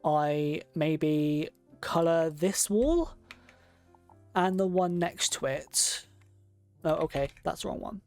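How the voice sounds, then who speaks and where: A game streamer talking casually to the audience while placing furniture, thinking each choice through aloud. The voice has a noticeable gravelly fry to it, and soft game music plays underneath. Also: mid-range voice, takes it slowly, long pauses. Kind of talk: casual gameplay commentary.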